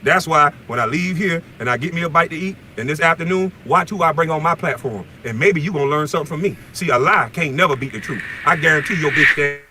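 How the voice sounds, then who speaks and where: A middle-aged man ranting angrily and profanely from inside a car, insulting someone, shouting at times. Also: fairly high pitch, fast, hardly any pauses, noisy background. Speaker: former basketball player ranting on video. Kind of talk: angry profane rant.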